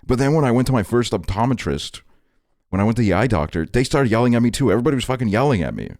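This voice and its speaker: A man's voice: medium pitch, lively intonation, racing, a little mellow, no echo, clean studio sound. A young man streaming, chatting casually with his viewers in a rambling, profane way, leaning on "like" as filler. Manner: reads and answers chat messages. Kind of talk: casual livestream chat.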